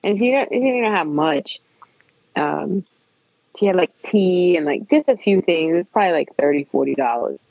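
A woman in casual podcast conversation, telling a long personal story with animated retold dialogue. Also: lowish voice, normal speed, gravelly, dry recording, lo-fi sound.

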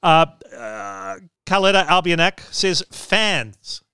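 A man hosts a casual podcast chat, explaining with dry, wry asides. His voice is smooth and clear at a middle pitch and sits close to a dry microphone. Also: measured pace, a bit bright, dry recording. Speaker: podcast host.

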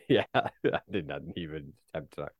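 Man, casual football chat, lively intonation, dry close mic, halting restarts. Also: a bass voice, slightly rough, no room sound. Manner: halting, many restarts, chuckling. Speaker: podcast co-host.

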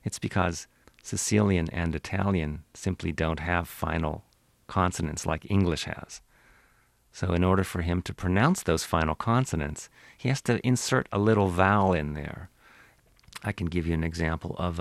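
Deep gravelly guy lecturing about accent recordings, dry sound. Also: dry recording. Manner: explanatory, lecturing. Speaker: accent archive expert. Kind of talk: interview explanation.

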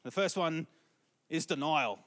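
A man playing a calm, matter-of-fact hospital doctor who speaks in a measured way. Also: a little high, long reverb tail.

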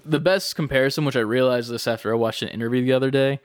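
A man's voice: mid-range voice, racing, clear, resonant tone, dry recording. A young man chatting on a podcast, telling a rambling story full of fillers. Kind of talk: casual chat.

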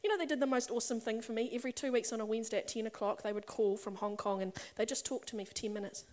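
Middle-aged female preacher, high voice, warm-chatty storytelling that swells into emphatic appeals. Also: steady tone, very fast. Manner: conversational and personal, building to emphatic passages. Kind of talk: sermon. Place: church or meeting hall with a congregation.

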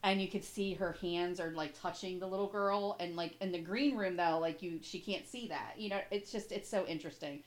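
A woman co-hosting a casual talk show, gushing and emotional, quick to tear up as she talks. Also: fairly low pitch, rough recording. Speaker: podcast co-host. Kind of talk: casual chat.

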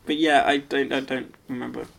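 A man's voice: medium pitch, level tone, fairly quick, gravelly, fairly bright tone, a little hiss or hum. A man co-hosting a podcast in casual chat, teasing and laughing often. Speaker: podcast co-host.

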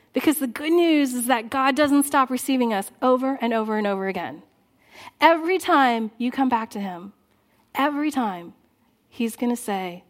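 High-voiced woman preaching a sermon. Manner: earnest, rising to exhort then dropping soft and low. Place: church sanctuary.

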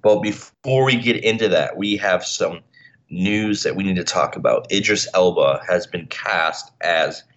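A man's voice: deep voice, measured pace, a bit bright. A man co-hosting a podcast in casual chat, with a groggy early-morning voice, rambling with restarts. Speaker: podcast co-host. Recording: dull lo-fi recording.

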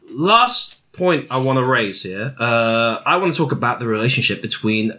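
A man's voice: mid-range voice, big pitch swings, moderate pace, few pauses, sharp tone. A man co-hosting a comedy podcast, bantering playfully and giggling. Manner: playful, giggly, slips into mock voices. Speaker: podcast co-host.

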